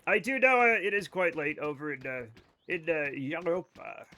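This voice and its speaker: A man with a fairly high, bright, forceful voice and big swings in pitch streams a game at normal speed. His commentary to viewers is casual and rambling, full of self-interruptions, with a curse here and there.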